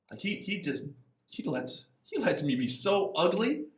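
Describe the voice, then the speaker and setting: A man, a missionary guest, talking casually in an interview, lively and acting out little quotes as he goes. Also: normal speed, echoey room, far from the mic. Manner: animated, acts out voices and quotes with big pitch jumps.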